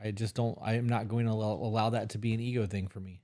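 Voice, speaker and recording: A man co-hosting a podcast in casual chat, reflective and halting, often restarting his sentences. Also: fairly low pitch, steady tone, mellow. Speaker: podcast co-host.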